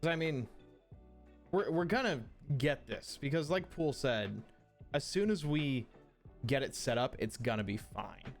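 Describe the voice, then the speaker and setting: A man with a medium-pitched, creaky voice talks at a measured pace with lively intonation, faint music playing behind him. He's streaming live in casual chat, thinking aloud as he works, swearing offhandedly and apologizing often. His streaming mic runs through an audio mixer.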